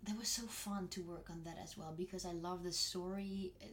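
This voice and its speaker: A young Dutch-accented woman speaks in a slightly lower register, her voice soft and often sinking almost to a whisper. She chats about her work with many small restarts, while a faint hum sits under her words. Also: fairly even intonation, a little fast. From Netherlands. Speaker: voice actress and singer. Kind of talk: casual interview chat.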